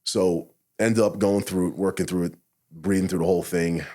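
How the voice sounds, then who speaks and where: A middle-aged retired SWAT officer, appearing as a podcast guest, tells a personal story with candor. He swears often and voices his own thoughts as quotes. His voice is low and mellow, with fairly even intonation and a moderate pace.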